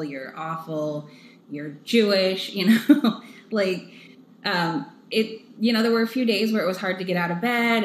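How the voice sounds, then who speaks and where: A low-voiced woman talks earnestly and openly, filling her thoughts with "like" and "um." The sound is echoey, with a light hiss underneath. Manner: earnest, personal, uses "like" often. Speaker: foundation staff member. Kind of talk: candid interview answers. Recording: echoey room with faint hiss.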